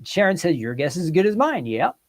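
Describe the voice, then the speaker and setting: A man with a somewhat high voice runs a relaxed quiz for his livestream audience, talking briskly and with energy. He reads out viewers' comments and guesses and keeps the chat involved.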